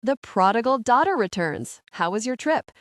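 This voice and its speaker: A woman's voice: fairly high pitch, big pitch swings, moderate pace, darkish tone, no room sound, clean studio sound, pitched above the performer's own voice. A woman voicing a condescending male office boss who sneers in an audiobook. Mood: sneering. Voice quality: sarcastic, sneering.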